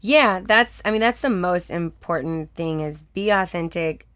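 A young woman from Texas talking casually as an interview guest, telling personal stories in a chatty, animated way, laughing often and acting out what people said. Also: lowish voice, measured pace, clean tone, no echo, studio quality. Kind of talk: casual conversational storytelling.

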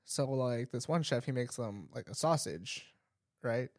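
Telling a story in casual, rambling fashion, this young co-host fills it with "like" and laughs often. His mid-range voice is expressive and a little slow, captured dry with clean studio sound.

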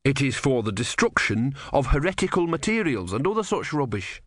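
A man's voice: medium pitch, sing-song, brisk, fairly bright tone, dry recording, clean studio sound, pitched above the performer's own voice. A man doing an eager, preachy young novice monk. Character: earnest, naive young male novice monk, devout.

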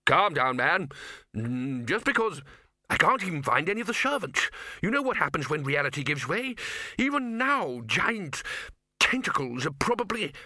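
A man voices a bluff, loud older male head wizard who stammers and hums with a blustering mood. The performance is heavily acted, sing-song, fairly high in pitch and pitched above his own voice, at a normal speed, in a dry recording with clean studio sound.

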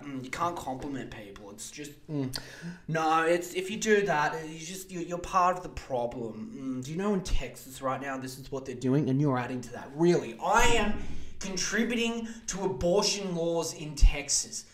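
Profane young Australian podcast ranter. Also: male voice, on the high side, moderate pace. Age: 20s. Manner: profane, animated, mock voices for others. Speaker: podcast host. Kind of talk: casual comedic rant.

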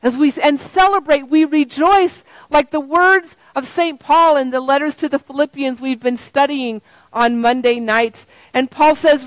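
A woman pastor preaching a sermon in slow, repeated phrases, at times singing a refrain. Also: high-pitched, no echo, poor audio.

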